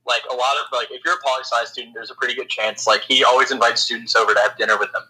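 A man's voice: mid-range voice, steady tone, very fast, bright, forceful tone, rough recording. A man co-hosting a podcast, chatting casually and hesitantly with many fillers. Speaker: podcast co-host. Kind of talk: casual chat.

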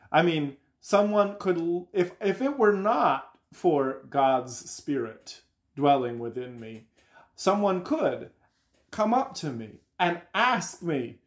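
A man co-hosting a faith podcast, speaking sincerely in a measured, halting way. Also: on the high side, lively intonation. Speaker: podcast co-host. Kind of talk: reflective faith talk.

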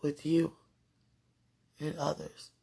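A woman podcaster giving a slow, earnest, deeply emotional devotional monologue. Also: monotone, creaky, mellow, slightly rough.

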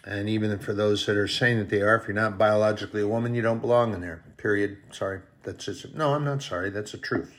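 A man's voice: fairly low pitch, steady tone, fast talker, few pauses. A man preaching in a folksy, rambling storytelling style, now and then acting out short quoted voices. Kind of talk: storytelling sermon.

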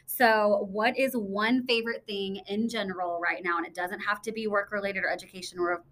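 Woman hosting a podcast, talks fast and chatty, laughs a lot. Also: medium pitch, steady tone, fairly bright tone, a little hiss or hum. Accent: Texan. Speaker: podcast host, school administrator. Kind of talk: casual interview chat.

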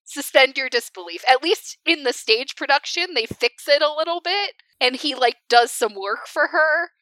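A young adult woman co-hosting a casual podcast chat, animated and laughing often. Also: high-pitched, normal speed, no echo, low-quality recording. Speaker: podcast co-host.

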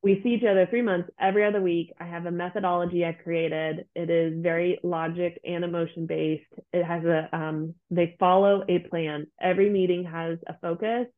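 A woman's voice: fairly low pitch, steady tone, moderate pace, hardly any pauses. A woman guest, a therapist, speaking earnestly in casual interview talk and acting out her clients' voices. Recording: tinny phone-like line.

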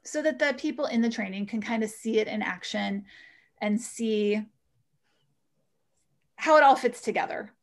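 A woman who teaches yoga, telling an animated story as a guest in an interview. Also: fairly high pitch, moderate pace, vocal fry, pauses often. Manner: animated storyteller, acts out voices in quotes.

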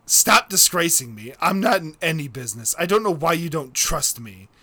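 A man voicing a smooth-talking male online scammer who speaks in a low, earnest, reassuring way. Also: very animated, normal speed, pushed and bright, full character voice.

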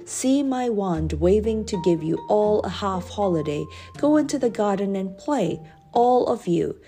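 A woman reading a storybook aloud and voicing a mischievous male pixie who chants and shouts gleefully. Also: medium pitch, lively intonation, a little slow, soft background music.

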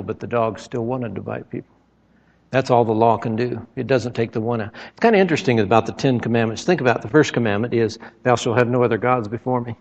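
A man preaches a sermon, telling stories through dramatic retellings and emphatic outbursts. His medium-pitched voice is a little mellow, recorded in an echoey hall with dull lo-fi sound.

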